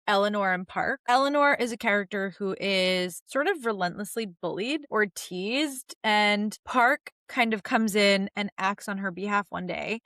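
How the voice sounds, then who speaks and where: A woman's voice: mid-range voice, measured pace, hardly any pauses, no room sound, studio quality. A young woman hosting a podcast, chatting animatedly about a TV series, swearing casually and acting out the characters' lines. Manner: animated, swears casually, acts out quotes in a raised voice. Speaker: podcast host. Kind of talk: casual recap commentary.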